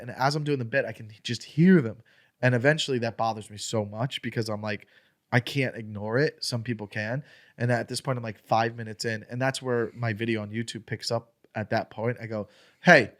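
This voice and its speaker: A man who is a comedian, telling a story as a podcast guest in an animated, profane way and acting out an argument. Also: medium pitch, a little fast.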